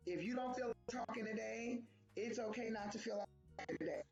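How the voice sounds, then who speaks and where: Speaking fast in a fairly high voice, this co-host of a casual grief conversation brings quoted voices to life as she talks. The audio is dull and echoey, with faint music in the background.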